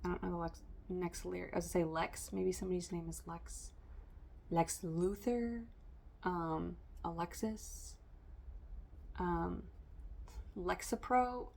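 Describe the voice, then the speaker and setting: A woman's voice: fairly low pitch, fairly even intonation, unhurried, gravelly, pauses often, darkish tone, a little hiss or hum. Woman tarot reader talking straight to camera, loose and rambling, full of "um" and "like". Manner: rambling, stream-of-consciousness, many fillers. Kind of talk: casual spiritual reading to camera.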